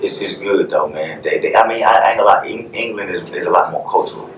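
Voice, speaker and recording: A man, a podcast guest, talking calmly and earnestly in casual chat, often repeating his phrases. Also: deep voice, fast, distant mic. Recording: echoey room, off-mic, faint ambience.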